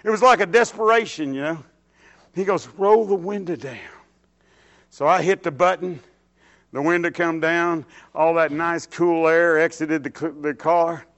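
A man with a Texan accent preaching and telling his story in a folksy, unhurried way. His voice sits high for a man. It has a bright, forceful edge, and he keeps tossing in an amen. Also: muffled recording. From Texas, USA. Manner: folksy storytelling, drawn-out phrases, frequent amens. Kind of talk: sermon with personal testimony.

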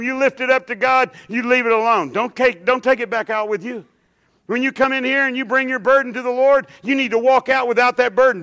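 High, bright-voiced fervent preacher man. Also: gravelly, muffled recording. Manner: fervent, rises loud on quoted scripture, drops soft and low in prayer; casual asides like "dude" and "hey, man". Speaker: preacher leading a church service. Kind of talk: sermon and spoken prayer. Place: church sanctuary with a standing congregation.

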